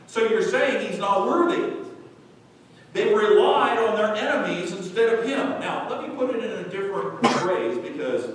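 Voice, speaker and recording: A male pastor preaching a sermon with fervent rhetorical questions, recorded live in a church sanctuary from a distant mic. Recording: echoey church hall from far off, faint rumble.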